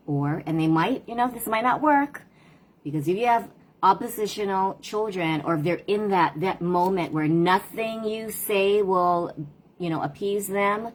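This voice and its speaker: A woman's voice: mid-range voice, a little slow, a little hiss or hum. A middle-aged woman and parent coach, talking casually and reflectively in a livestream. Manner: reflective, conversational, tells stories about her daughters.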